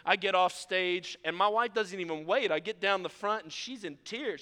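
Male pastor, high clear voice with a bright edge, preaching from a church stage, lively and self-mocking, reverberant sanctuary sound. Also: moderate pace, few pauses. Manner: animated storytelling preacher, self-deprecating. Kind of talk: sermon. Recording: long reverb of a large hall.

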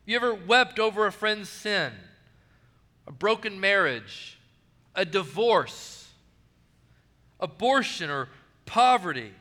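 A male pastor preaching a sermon, earnest, repeating key phrases and dropping soft and low on quoted words. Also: lively intonation, slow, long pauses, in a large hall.

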